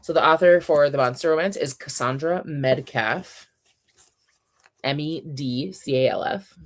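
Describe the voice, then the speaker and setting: A woman's voice: deep voice, unhurried. A young woman hosting a casual book livestream, reading out chat messages and gushing with frequent laughs and ums. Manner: chatty, gushing, laughs often, many ums.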